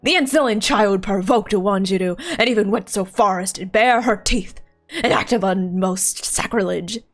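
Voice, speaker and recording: A solemn game storyteller reciting an old tribal legend, read by a woman, measured and grave in delivery. Faint game music plays underneath. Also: mid-range voice, pitched below the performer's own voice, natural voice.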